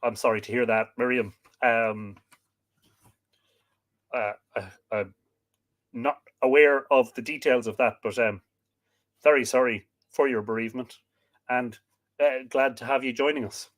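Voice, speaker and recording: A man with an Irish accent chats easily on his livestream, working through viewer comments one by one. He greets each person, adds small remarks, and often pauses on fillers as he goes. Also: mid-range voice, fairly even intonation. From Ireland. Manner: chatty, reads out names and greetings with frequent fillers. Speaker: livestream host. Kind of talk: casual livestream chat, reading viewer comments. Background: dog barking at times.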